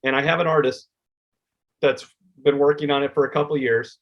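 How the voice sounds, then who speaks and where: A man's voice: medium pitch, little pitch movement, fairly quick, highs cut off. A man being interviewed as a children's book author, telling heartfelt stories and acting out the conversations he quotes. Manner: heartfelt, acts out quoted exchanges.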